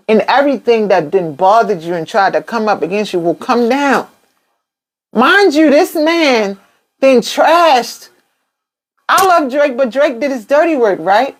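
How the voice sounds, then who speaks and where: Animated woman telling a spiritual story. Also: high voice, a little slow, long pauses. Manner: animated storytelling with quoted asides and swearing. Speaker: tarot reader. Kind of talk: live-stream monologue.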